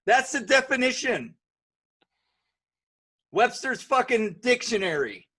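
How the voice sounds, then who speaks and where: A man's voice: very high voice, sing-song, takes it slowly, bright, forceful tone, breathy edge. A man hosting a podcast in casual chat, blunt and profane in his rants. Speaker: podcast host.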